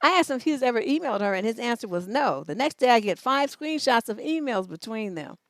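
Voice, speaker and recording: Woman, relationship coach, blunt, profane, livestream advice, fairly high voice, dry close mic. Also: expressive, a little fast, no room sound. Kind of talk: livestream advice show, reading letters.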